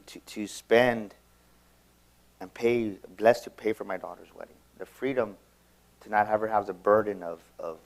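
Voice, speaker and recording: A man giving a motivational seminar talk, telling a personal story with emphatic delivery and frequent repeated words and restarts. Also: fairly low pitch. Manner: emphatic, acts out quoted dialogue. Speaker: motivational speaker.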